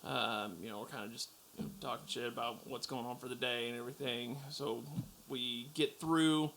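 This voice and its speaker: A man's voice: medium pitch, steady tone, normal speed, fairly bright tone, slight background noise. A man co-hosting a podcast, telling loose anecdotes in casual chat and laughing often. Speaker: podcast co-host.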